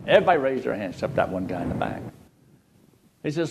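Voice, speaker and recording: Folksy older male preacher, lively pitch. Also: brisk, creaky, pauses often. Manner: folksy, animated storyteller with jokes. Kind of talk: sermon with storytelling.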